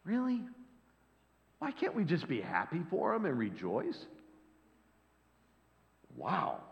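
Pastor guy preaching, acts out the bible characters, fairly high voice, big reverby hall. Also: takes it slowly, gravelly. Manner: lively, acts out the voices in the story. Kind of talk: sermon. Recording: dull lo-fi sound with long hall reverb.

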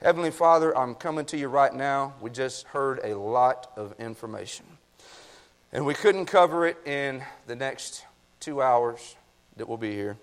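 A man preaching a sermon as pastor, reading scripture and praying, folksy and addressing the congregation directly. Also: mid-range voice. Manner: folksy, talks to the congregation with "y'all". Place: church sanctuary.

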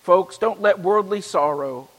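High-voiced man preaching in a reverberant hall. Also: measured pace. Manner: reads scripture emphatically, then shifts to relaxed joking asides. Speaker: pastor. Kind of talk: sermon.

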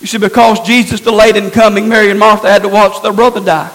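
A male pastor preaching with a very high voice and a bright, forceful tone. He teaches in an emphatic way, stressing his points and asking the congregation rhetorical questions. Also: flat delivery, fast talker, poor audio. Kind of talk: sermon.

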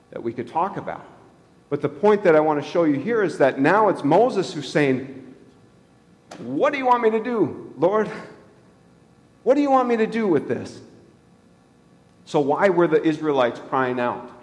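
A man's voice: mid-range voice, darkish tone. A man pastor giving a conversational sermon in a church, asking the congregation questions and chuckling at his own jokes. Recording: long hall reverb.

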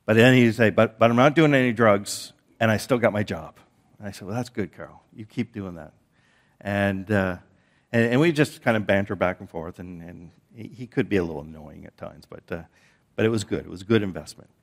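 Low-voiced man preaching with restarts. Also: fairly quick. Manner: storytelling with frequent repeated words and restarts. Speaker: pastor. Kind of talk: sermon.

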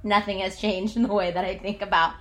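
A woman pastor telling a personal story during a sermon, animated and self-mocking, with lots of "like". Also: mid-range voice, a little fast. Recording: echoey room.

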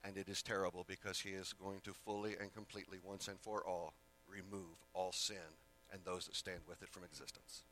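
A man's voice: sits low, flat delivery, a little fast, pushed and bright, slight background noise. A male preacher giving a sermon in a casual way, with rambling asides and self-corrections.

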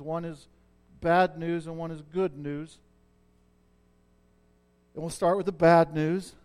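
A middle-aged man with a notably high voice preaches a sermon. He talks like he's chatting with the congregation and often stops to ask if they're following. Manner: conversational preaching, checks in with listeners. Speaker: pastor.

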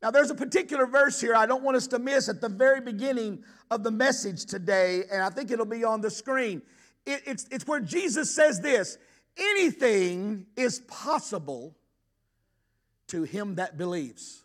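Middle-aged male pastor, high pitch, animated sermon delivery. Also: a little fast. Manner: impassioned, voicing the father's plea with rising intensity; rhetorical questions to the congregation. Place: church sanctuary.

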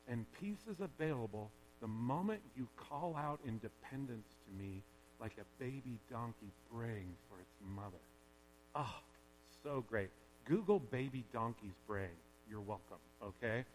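A man preaching a sermon in a chatty, joking way that drops now and then to quiet, earnest passages. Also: medium pitch, lively intonation, unhurried. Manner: conversational and joking, with sudden quiet stretches. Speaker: pastor. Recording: long hall reverb with faint hum.

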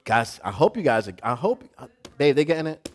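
A male pastor preaching a sermon to a live congregation, building from quiet talk to shouting. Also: medium pitch, sing-song, moderate pace.

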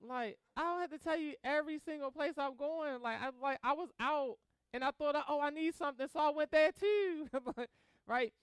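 A man preaching a sermon in a casual, animated way, acting out both sides of conversations and laughing as he tells stories. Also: extremely high pitch, normal speed, no echo. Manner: casual slang-filled delivery with laughter. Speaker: pastor.

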